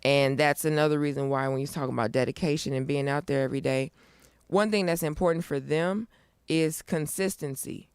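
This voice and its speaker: A woman's voice: deep voice, fairly quick, darkish tone, clear, resonant tone, no room sound, clean studio sound. A middle-aged woman talking as a guest in a casual interview, upbeat and emphatic as she talks. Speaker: guest, nonprofit founder.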